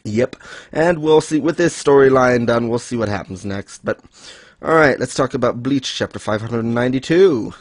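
A man co-hosting a casual chat, laughing often and acting out characters in high voices. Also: moderate pace, no room sound. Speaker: podcast co-host discussing manga.

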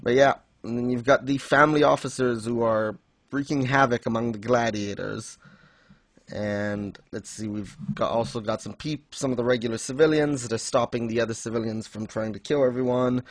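A man's voice: medium pitch, fairly even intonation, moderate pace, dry recording. Dry-voiced man recapping, laughing often. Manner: chatty, laughs often, acts out quotes. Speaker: podcast host. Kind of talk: casual recap chat.

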